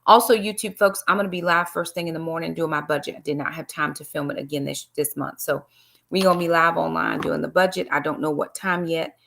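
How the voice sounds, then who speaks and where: Gravelly-voiced woman live-streaming. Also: low voice, fairly quick, fairly bright tone. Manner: chatty, greets viewers by name, preachy asides. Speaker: livestream host and Bible study teacher. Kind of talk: casual live-stream devotional talk.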